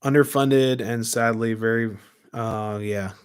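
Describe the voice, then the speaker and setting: A man's voice: medium pitch, steady tone, slow pace, clear, resonant tone. A chatty man talking live from his home, speaking into a camera mic at his desk. He rambles loosely, trails off with fillers, and breaks off to greet viewers and answer their comments. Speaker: live stream host. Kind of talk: casual live-stream chat. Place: home room with model trains.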